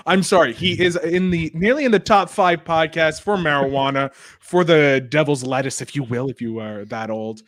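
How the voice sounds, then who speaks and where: A man's voice: fairly high pitch, normal speed, few pauses, a bit bright, no room sound. A man hosting a movie podcast, chatting casually and plugging shows between questions. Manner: chatty, plugs shows, self-deprecating about stuttering. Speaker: podcast host. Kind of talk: casual chat.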